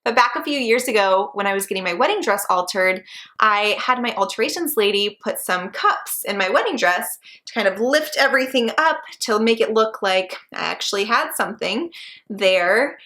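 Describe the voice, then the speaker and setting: A woman's voice: medium pitch, animated, normal speed, pushed and bright. A woman in her twenties chatting in a casual vlog, bubbly and chatty, and laughing often. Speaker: vlogger.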